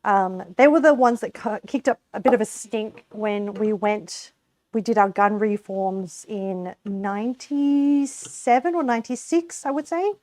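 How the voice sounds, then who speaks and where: In a dry recording, a young Australian woman with a medium-pitched, darkish voice chats unhurriedly while cooking on a live stream. She rambles casually, laughing a lot and swearing now and then.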